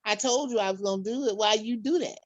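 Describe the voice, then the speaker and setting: A woman co-hosting a podcast in casual chat, laying out scenarios in a measured way. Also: medium pitch, no room sound, muffled recording. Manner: measured, sets up scenarios at length.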